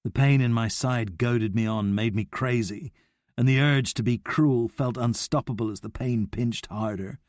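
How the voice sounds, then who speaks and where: A man reading a novel aloud in a measured, steady first-person narration. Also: medium pitch, no echo, clean studio sound. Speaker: audiobook narrator.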